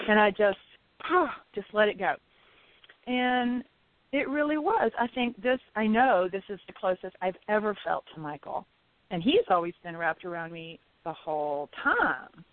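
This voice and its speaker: A woman's voice: mid-range voice, animated, unhurried, dry recording. A woman telling a personal story casually, laughing often and acting out her own reactions. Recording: tinny phone-line sound.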